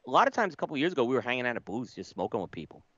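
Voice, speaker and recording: A man's voice: mid-range voice, very animated, very fast, fairly bright tone, dry recording. A man co-hosting a podcast, speaking casually and emphatically. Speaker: podcast co-host. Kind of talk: casual chat. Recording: dull lo-fi sound.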